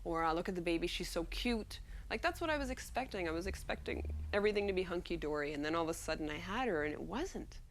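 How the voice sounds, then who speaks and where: A woman speaking in a documentary interview as a new mother, outspoken and loud. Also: on the low side, animated, fast, few pauses, a little hiss or hum. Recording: music playing under the voice.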